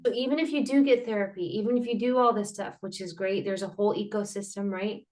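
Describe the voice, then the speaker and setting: A woman's voice: medium pitch, fast talker. A woman guest speaking about healing in a casual interview, earnest and rambling, with frequent fillers and restarts, acting out sounds and laughter as she explains. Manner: animated, acts out sounds and laughter. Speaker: guest, mental health advocate.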